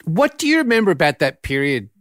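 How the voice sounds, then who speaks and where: Earnest male podcast host, lively pitch. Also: fast talker, dry recording, studio quality. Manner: earnest, searching, restarts his questions. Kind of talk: interview questions.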